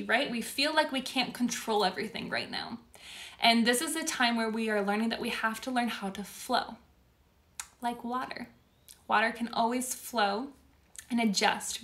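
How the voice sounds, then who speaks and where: A young woman speaks to her followers in a casual live stream, heartfelt and openly emotional. Her voice sits a little high and rings bright and clear. She gushes with gratitude as she talks. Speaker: spiritual course creator.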